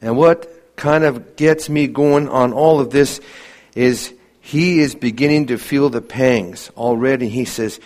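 A man preaching a sermon earnestly, asking many rhetorical questions and dropping to a hushed voice for emphasis. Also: mid-range voice, measured pace.

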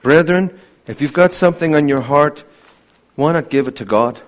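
A man preaching an evening sermon to his congregation. He pleads with fervor and swings between loud, climbing appeals and hushed, solemn lows. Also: moderate pace. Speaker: pastor.

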